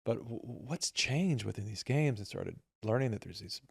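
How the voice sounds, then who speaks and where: A middle-aged man, a filmmaker guest, telling animated family anecdotes and acting out the dialogue. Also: medium pitch, normal speed, gravelly, breathy edge. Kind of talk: storytelling in conversation.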